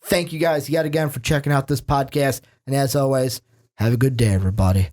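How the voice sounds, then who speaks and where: A man's voice: medium pitch, a little fast. A man hosting a casual sports podcast, joking and asking his co-host questions. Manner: joking, animated, asks questions.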